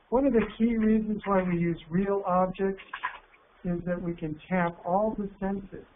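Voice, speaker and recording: Guy presenting a teacher workshop, calm, slows way down on key words, thin phone-ish audio w a bit of hiss. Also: high-pitched. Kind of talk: instructional workshop talk. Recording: narrow phone-like sound with faint hiss.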